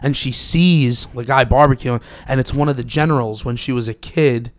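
A man's voice: medium pitch, moderate pace, dry recording, studio quality. A man whose first language is Spanish, co-hosting a casual podcast chat and telling stories with lots of swearing and laughter. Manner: animated storyteller, swears and laughs often. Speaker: podcast co-host.

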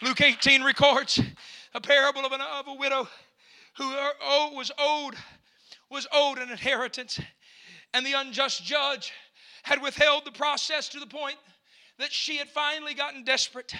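High, bright-voiced fiery preacher man. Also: little pitch movement, normal speed, no room sound. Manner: impassioned, shouting, punctuating phrases with "uh". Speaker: pastor. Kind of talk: fiery Pentecostal sermon.

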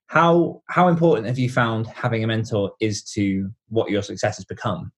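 A man hosting an interview, asking questions in a relaxed way with fillers. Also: on the low side, moderate pace. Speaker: podcast host. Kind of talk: casual interview talk.

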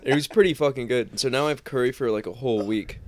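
A man's voice: medium pitch, quick pace. A young man co-hosting a casual podcast, laid-back and swearing as he rambles. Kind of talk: casual chat.

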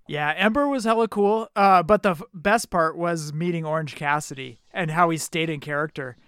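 A young man hosts a casual chat podcast with an easygoing, enthusiastic way of telling stories. His voice is smooth and clear, sitting slightly high. The sound is close and dry. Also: normal speed, fairly bright tone, no room sound. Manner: enthusiastic, laid-back storyteller. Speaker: podcast host.

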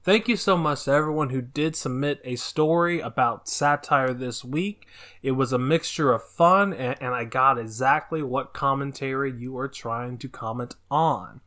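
A young man hosting a podcast, talking slowly and thoughtfully in a casual chat. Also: mid-range voice, a bit bright. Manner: slow, thoughtful, drawn-out phrasing. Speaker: podcast host.

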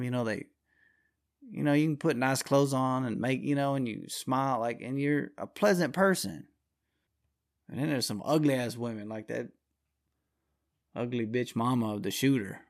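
A man hosting his own show, delivering a blunt, profane, rambling solo rant. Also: mid-range voice.

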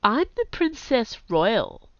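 A woman with a cold voicing an imperious young princess who speaks slowly and deliberately. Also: mid-range voice, lively intonation, gravelly, a bit bright, clear, resonant tone, no room sound, pitched above the performer's own voice, full character voice. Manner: slow and deliberate. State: has a cold. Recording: dull, dry audio.

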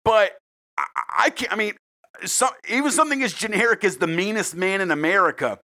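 A man from South Carolina hosting a casual true-crime podcast, profane and rambling with quick jokes. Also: high-pitched, pushed and bright. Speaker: podcast host.

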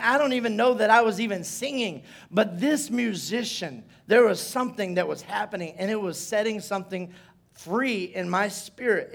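A man preaching as pastor in a church service, telling stories with playful asides and building to loud shouts. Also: sits high, gravelly. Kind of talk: sermon.

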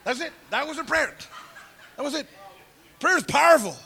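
A man telling his life story as a testimony in a sermon, animated and acting out the voices of people he quotes. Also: very high-pitched, moderate pace. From California. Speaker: preacher giving testimony.

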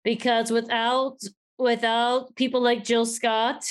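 A woman co-hosting a podcast in casual chat, animated and acting out quoted voices as she talks. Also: fairly high pitch, slow. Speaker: podcast co-host.

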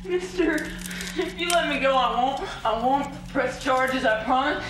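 A woman's voice: sits high, unhurried, background noise. An actress playing a terrified young woman held captive, crying and pleading, from a film clip. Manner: pleading, desperate. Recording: echoey film clip with loud music.

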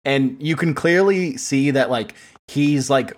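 A man's voice: medium pitch, takes it slowly. A man co-hosting a podcast, telling anecdotes in casual chat and laughing often. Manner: storytelling, laughing often, mimics others. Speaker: podcast co-host.

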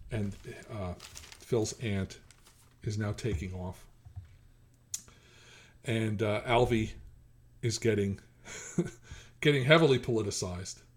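A middle-aged man co-hosting a podcast, talking casually about a TV episode, hesitant, restarting often and chuckling. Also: mid-range voice. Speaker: podcast co-host. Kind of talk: casual chat.

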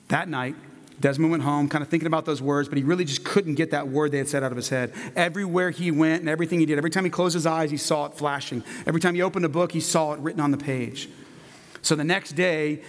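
A man preaching, telling a children's story in a gentle, narrative manner. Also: fairly high pitch, fairly even intonation, fast, in a large hall. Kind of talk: sermon storytelling.

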